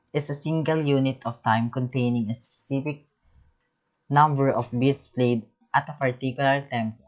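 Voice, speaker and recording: A man teaching a music lesson, reading terms and definitions from slides in a halting way, often restarting words. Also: medium pitch, rough recording.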